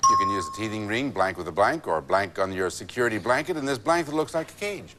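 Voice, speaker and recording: A man's voice: on the low side, expressive, fast talker, pushed and bright. Jovial man hosting a game show. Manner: jovial, chatty, teasing the contestants. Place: TV studio. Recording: noisy 1980s TV tape with studio audience.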